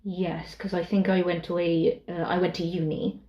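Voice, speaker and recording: A young woman co-hosting a podcast, speaking in casual chat, unhurried and hesitant with many fillers. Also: on the low side, little pitch movement, mellow, muffled recording. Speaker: podcast co-host. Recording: roomy echo.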